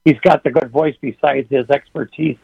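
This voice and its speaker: A man calling in to a radio talk show, rambling and halting as he talks. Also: medium pitch, fairly even intonation, creaky, husky, no room sound. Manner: rambling, halting, with many restarts. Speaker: caller. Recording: phone line.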